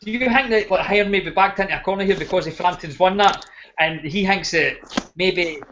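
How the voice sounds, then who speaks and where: A loud, sweary man rants in casual podcast banter, his voice sitting high. The audio is dull and lo-fi. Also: a little fast, slight background noise. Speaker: podcast co-host. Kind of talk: casual chat.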